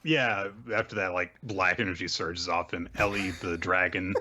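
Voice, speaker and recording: A man's voice: deep voice, fairly even intonation, bright, forceful tone. A man hosting a casual podcast, loosely retelling a manga chapter with many fillers. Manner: loose retelling with many fillers, puts on quick voices for characters. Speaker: podcast host. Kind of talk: casual chat recapping manga.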